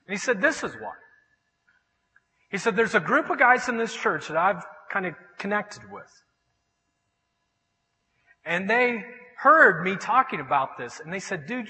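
A man's voice: high voice, sing-song, moderate pace, pauses often, pushed and bright, in a large hall, rough recording. A man preaching a sermon as pastor in a church, telling stories with animation and acting out the voices of the people he quotes. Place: church sanctuary.

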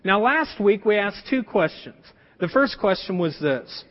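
A man's voice: sits high, lively intonation, measured pace, few pauses. A middle-aged male pastor preaching a sermon, telling a personal story in a conversational way with plenty of fillers. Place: church sanctuary. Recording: dull lo-fi sound with long church reverb.

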